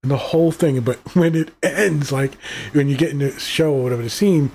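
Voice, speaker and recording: Middle-aged male reviewer, fairly high voice, swearing and rambling through an exasperated rant. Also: fairly quick, vocal fry, darkish tone, slightly rough. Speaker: movie reviewer. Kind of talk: casual ranting review.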